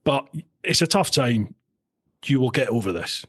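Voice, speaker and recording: A man's voice: medium pitch, animated, a little slow, slightly rough. A middle-aged Scottish man hosting a podcast, telling stories with animation and speaking in an earnest, encouraging way. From Scotland. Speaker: podcast host. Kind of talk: conversational interview.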